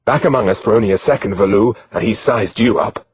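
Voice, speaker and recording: A man's voice: lowish voice, quick pace, breathy edge. A man voicing a jovial bearded physician, in a slightly dull lo-fi recording. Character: cheerful bearded male physician.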